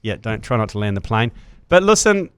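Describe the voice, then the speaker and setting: A man's voice: fairly low pitch, very animated, brisk, clean tone. Laid-back New Zealand man podcasting. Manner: laid-back, crude, chatty, frequent "yep". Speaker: podcast host. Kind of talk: casual banter.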